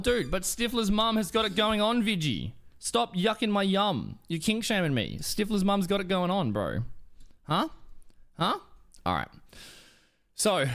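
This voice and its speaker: A young man streaming a game live, chatting casually with viewers in an animated, crude, joking way. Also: medium pitch. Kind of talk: casual live-stream chat while gaming.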